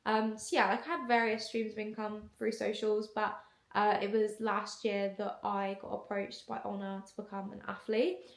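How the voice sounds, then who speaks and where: A woman's voice: medium pitch, level tone, normal speed, creaky. A young woman telling a casual story to camera in a chatty way, full of fillers. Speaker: content creator. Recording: echoey room.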